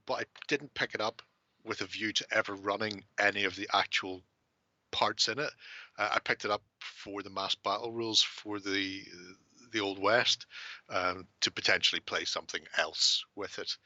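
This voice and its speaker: A man's voice: deep voice, bright, forceful tone, no room sound, lo-fi sound. A man hosting a casual chat, swearing and joking freely. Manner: sweary, laughing banter. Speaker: host.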